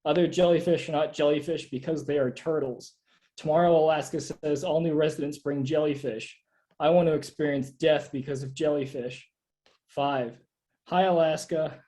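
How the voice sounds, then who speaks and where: Man, deadpan poetry reader, mellow dark tone, absurd verse. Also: on the high side, poor audio. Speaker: poet reading own work. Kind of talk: live poetry reading.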